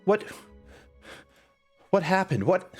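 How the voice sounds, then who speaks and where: This is an anxious, caring elven woman from a tabletop game, put on by a man running it. She speaks noticeably higher than he does and peppers everyone with urgent, worried questions. The voice keeps a fretful, protective edge. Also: big pitch swings, slow pace, a little mellow, breathy edge, soft background music, full character voice.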